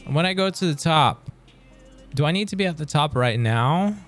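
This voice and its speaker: Excitable swearing male game streamer. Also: on the high side, normal speed, soft background music. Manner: swears and talks back to enemies, excitable. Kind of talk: live gameplay commentary.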